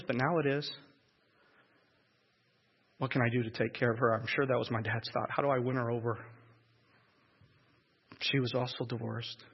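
A man telling a personal testimony in an emotional, halting way, repeating words as he goes. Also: medium pitch, husky. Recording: echoey hall, dull lo-fi sound.

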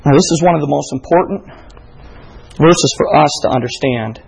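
A male preacher delivering a sermon, reading scripture and then pressing his points with climbing emphasis. His voice sits a little high for a man, with a husky, slightly breathy edge. He talks straight to his congregation, often acting out the questions he puts to them. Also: normal speed. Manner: preaching with rising emphasis and quoted exchanges. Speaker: pastor.

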